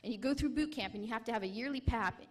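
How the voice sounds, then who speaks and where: This young adult veteran, a woman, shares her own story at a conference in a voice on the high side. Her delivery is emotional and halting, full of restarts.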